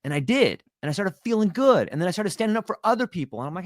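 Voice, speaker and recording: A man's voice: sits high, sing-song, racing, no echo, studio quality. A middle-aged man telling a personal story in a candid, casual way, swearing freely and laughing often. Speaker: guest.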